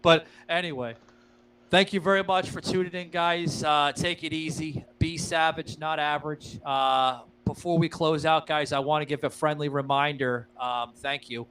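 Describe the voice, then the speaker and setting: A man's voice: fairly high pitch, fairly even intonation, moderate pace, a bit bright, clear, resonant tone, low-quality recording. A man hosting a podcast in loose, profane casual chat, talking straight to his listeners with plenty of fillers. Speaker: podcast host.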